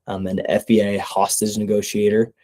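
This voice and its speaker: Mellow, low-voiced man coaching sales. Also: monotone, normal speed. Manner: conversational, keeps checking in with "right?". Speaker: sales trainer. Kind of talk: casual coaching talk.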